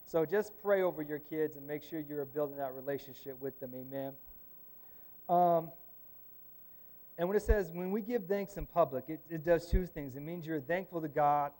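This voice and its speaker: A man's voice: a little high, normal speed, long pauses, dark tone. A man giving a conversational church sermon, joking and asking "amen?" often. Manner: chatty, joking asides, frequent "amen?". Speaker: lay preacher.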